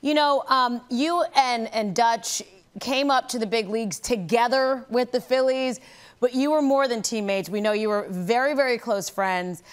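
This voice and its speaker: Woman, news anchor, polished, slightly higher voice. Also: smooth. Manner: polished, measured delivery. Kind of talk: news interview.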